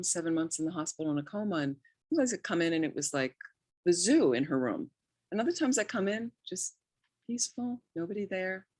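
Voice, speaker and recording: A middle-aged woman with a low voice gives an informal Buddhist talk, telling personal stories in a loose, conversational way. She restarts sentences and slips into quoted asides. The sound is dry and close, with no room around it. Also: no room sound. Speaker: Buddhist nun teaching.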